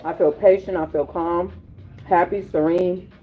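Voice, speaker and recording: Lively woman telling stories over tinny audio. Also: on the low side, measured pace, noisy background. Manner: animated, profane storytelling with slang. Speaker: podcast host. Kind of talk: casual storytelling vlog.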